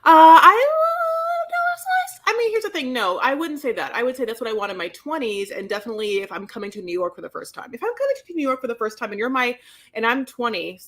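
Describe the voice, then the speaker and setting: A woman's voice: on the high side, animated, fast, fairly bright tone. A woman co-hosting a podcast, sassy and playful, chatting casually and calling people "honey". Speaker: podcast co-host. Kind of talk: casual chat.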